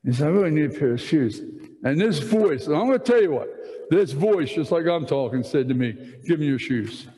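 A man preaching a sermon to a room of people, telling a story with many restarts and animated emphasis. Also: fairly high pitch, brisk, big-room sound, low-quality recording. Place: large room with audience.

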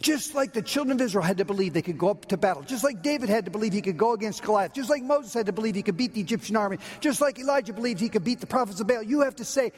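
Male pastor, high and husky, dynamic sermon delivery, long hall reverb. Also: animated, rapid-fire, few pauses. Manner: dynamic preaching, swinging from loud to near-whisper.

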